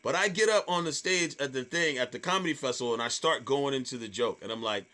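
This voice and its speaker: Bright-voiced comedian telling a story. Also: male voice, medium pitch, fast. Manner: animated, profane, repeats words while telling a story. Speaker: stand-up comedian, podcast guest. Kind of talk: casual storytelling chat.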